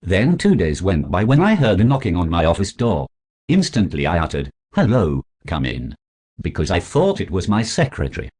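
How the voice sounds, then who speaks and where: A man's voice: low-pitched, wildly swooping pitch, brisk, darkish tone. A man narrating his own story in a formal, stiff storybook manner. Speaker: author narrator.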